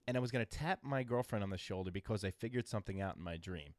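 A man's voice: lowish voice, quick pace, no room sound, studio quality. A man telling rambling, profane stories in a casual podcast chat. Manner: rambling, profane, animated storytelling. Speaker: podcast co-host.

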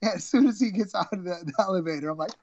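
A man's voice: high-pitched, racing, dark tone, highs cut off. A middle-aged man, a former college wrestler, telling stories as a guest, rambling and self-mocking, with many fillers and restarts. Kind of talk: casual storytelling interview.

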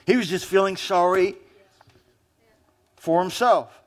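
A man with a New Zealand accent preaching a sermon with a fairly high voice. He tells the story casually, sliding into quoted asides and little acted lines. His delivery stays informal and chatty from the pulpit. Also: takes it slowly. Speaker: pastor.

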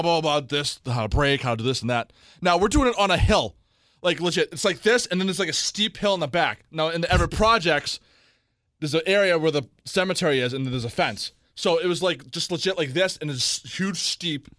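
Animated young man telling a story. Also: fairly high pitch, dry recording, clean studio sound. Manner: animated storyteller, acts out quotes, laughs often. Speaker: podcast co-host. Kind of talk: casual chat, storytelling.

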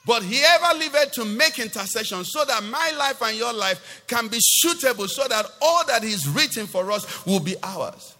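Animated high-voiced preacher in a reverberant church. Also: male voice, normal speed, hardly any pauses. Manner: emphatic preaching, asks the congregation questions; sings some phrases, rises to shouts. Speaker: pastor. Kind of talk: sermon. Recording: long hall reverb.

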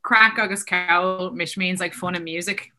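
A woman from Ireland with an Irish accent, chatting quickly as a guest, full of filler words. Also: fairly low pitch, fairly even intonation, sharp tone, faint music behind. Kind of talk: casual conversation.

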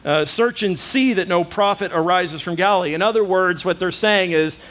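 Brief: male pastor, high voice, conversational sermon delivery, plays out quoted voices. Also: moderate pace. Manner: frequent fillers, lively asides to listeners.

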